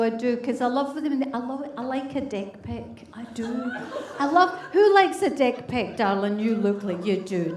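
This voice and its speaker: A woman's voice: sits high, mellow, roomy sound, recorded from a distance. A woman in her fifties, a comedy host doing crude, brash stand-up and teasing the crowd. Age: 50s. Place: comedy club stage with audience.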